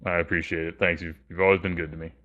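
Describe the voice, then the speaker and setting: A man voicing an earnest young male adventurer in a tabletop game, with halting, apologetic speech. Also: low voice, flat delivery, narrow, tinny audio, natural voice.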